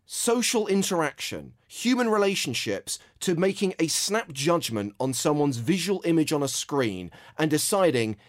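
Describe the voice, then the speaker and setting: A man's voice: on the high side, very animated, normal speed, few pauses. An Englishman co-hosting a casual podcast, dropping wry, teasing remarks. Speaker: podcast co-host.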